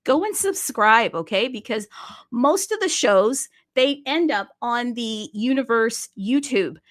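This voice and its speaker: A fairly high-pitched woman promotes a wallet and marketplace on her crypto livestream, keeping a measured pace. Her delivery is lively, talkative and plainly sales-driven.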